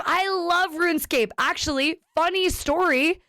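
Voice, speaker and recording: A woman's voice: a little high, normal speed, fairly bright tone, smooth, no echo, studio quality. A woman streamer chatting casually with viewers, rambling and cutting herself off mid-sentence as she tells a story. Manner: rambling, self-interrupting storyteller.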